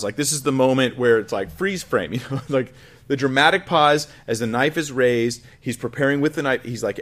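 A man at an ordinary pitch works through a Bible passage verse by verse. He reads aloud and then explains it in an earnest, reflective teaching voice. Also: moderate pace, fairly bright tone. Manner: earnest, reflective, with frequent restarts. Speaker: pastor.

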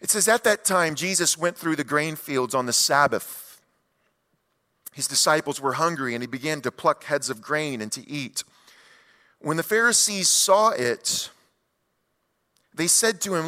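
A man's voice: fairly high pitch, unhurried, long pauses. Emphatic preacher man in echoing hall. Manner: animated, emphatic, folksy asides. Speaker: pastor. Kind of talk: expository sermon. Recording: long hall reverb.

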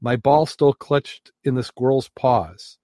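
A man's voice: mid-range voice, takes it slowly, warm tone, no room sound, clean studio sound, close to an everyday voice. A man voicing a frustrated nun who recounts her golf game. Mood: exasperated. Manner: exasperated, storytelling. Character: frustrated golfing nun, a woman.

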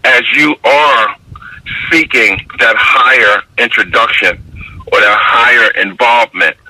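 Bright, husky New York man, measured. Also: mid-range voice, low-quality recording. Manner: measured, repeats "you understand?". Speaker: guest, basketball referee mentor. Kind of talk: reflective interview storytelling.

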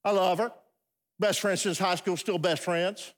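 High-voiced joking preacher in a big hall. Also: male voice, steady tone, a little slow. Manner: storytelling with comic asides and restarts. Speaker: pastor. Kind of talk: humorous sermon. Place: large church hall. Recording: long hall reverb.

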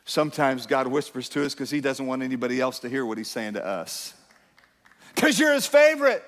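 A man preaching a sermon to a congregation, swinging from hushed, quiet lines to loud emphatic ones and calling out to the crowd. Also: medium pitch, fairly even intonation, quick pace. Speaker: pastor. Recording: long hall reverb.

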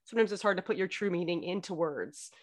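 Opinionated woman with a lowish voice. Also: quick pace. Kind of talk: casual book-club chat.

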